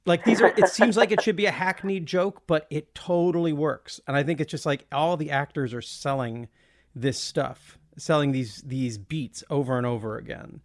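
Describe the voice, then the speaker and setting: A man's voice: a little high, moderate pace, no echo, studio quality. A man co-hosting a podcast, rambling enthusiastically with many restarts. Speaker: podcast co-host. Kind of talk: casual chat.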